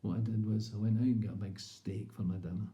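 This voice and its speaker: A man's voice: on the low side, steady tone, fast talker, warm tone. A man with a Scottish accent, telling a comic story in a rambling, chatty way. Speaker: comedian. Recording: roomy echo.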